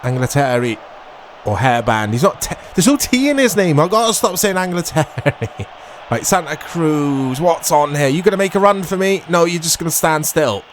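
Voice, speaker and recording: Excitable man commentating gameplay. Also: on the high side, moderate pace, slight background noise. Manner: excitable, shouts at big moments, self-mocking. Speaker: gaming YouTuber.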